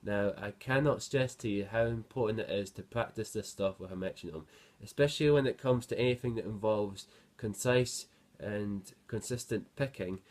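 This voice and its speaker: Hardly pausing, a man with a fairly low voice at normal speed gives a guitar lesson, counting beats aloud and explaining patiently as he plays. Loud guitar drowns over his voice.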